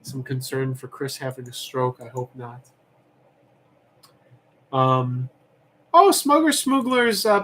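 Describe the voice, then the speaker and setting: A man's voice: mid-range voice, fairly bright tone, a little hiss or hum. A young man hosting a livestream auction, chatting casually and rambling as he reads comments aloud.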